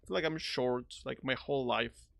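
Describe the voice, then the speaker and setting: Brief: joking male streamer, gravelly, animated, dry close mic. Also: medium pitch, normal speed, no room sound. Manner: joking, rambling, reacts out loud. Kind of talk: casual gameplay commentary.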